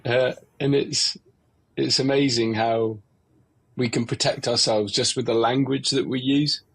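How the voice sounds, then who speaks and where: A man with a husky, slightly breathy voice hosts an open, serious conversation. His pitch sits in the middle range for a man, and he speaks earnestly, lifting his voice when he plays out the lines people say to each other. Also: fairly even intonation, measured pace, fairly bright tone. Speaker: podcast host.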